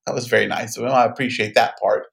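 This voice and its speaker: A man's voice: mid-range voice, steady tone, quick pace, gravelly, fairly bright tone. A man co-hosting a podcast, reading out reviews and ribbing his partner in a dry, matter-of-fact way. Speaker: podcast co-host and author. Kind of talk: casual chat.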